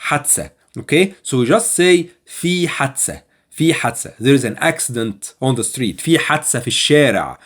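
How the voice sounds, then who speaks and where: A man with an Egyptian accent teaching spoken phrases, repeating each one slowly and patiently. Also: medium pitch, lively intonation. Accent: Egyptian Arabic. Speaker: Arabic language teacher. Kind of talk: language lesson.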